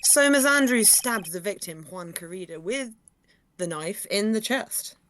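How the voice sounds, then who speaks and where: A woman's voice: medium pitch, animated, a little slow, background noise, lightly acted. Woman reading as Edgeworth, cold prosecutor. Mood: firm. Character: cold, sharp male prosecutor.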